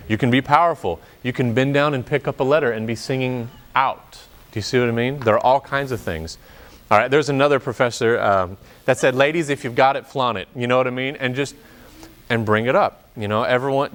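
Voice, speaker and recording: A man coaching singers in an opera workshop rehearsal, chatty and joking, drifting into stories as he explains. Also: mid-range voice. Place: rehearsal room.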